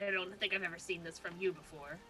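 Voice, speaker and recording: A woman's voice: fairly low pitch, steady tone, fast talker, sharp tone, poor audio. A woman playing a tabletop game who laughs often and slips in and out of her character's voice. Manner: giggly, speaks in character and out. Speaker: player. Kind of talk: casual tabletop role-play.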